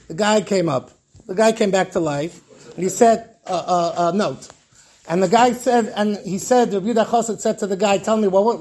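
A man's voice: high-pitched, darkish tone. A man, a rabbi, telling stories in a Torah class and acting out the characters' dialogue, with Hebrew terms woven in.

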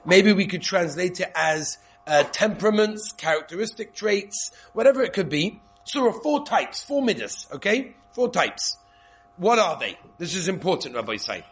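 A man with Yeshivish English, teaching an informal Torah class, lively and repetitive, checking in with "okay?" often. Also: high voice. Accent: Yeshivish English with Hebrew and Yiddish terms. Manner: lively, repeats points, frequent "okay?" checks.

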